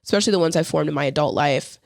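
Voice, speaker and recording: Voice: medium pitch, very fast, vocal fry, no room sound, studio quality. A young adult podcast co-host in rambling, slangy casual chat, swearing freely and acting out quoted lines.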